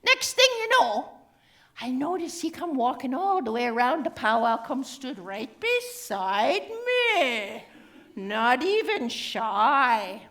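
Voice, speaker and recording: High bright old cree auntie, a woman doing the voice, slow and cheeky, cree-accented english, teasing everyone. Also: big pitch swings, heavily acted. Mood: reminiscing. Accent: Cree-inflected English. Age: older. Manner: teasing, chatty, drops grammar endings. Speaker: stage storyteller. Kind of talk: live comedic character monologue.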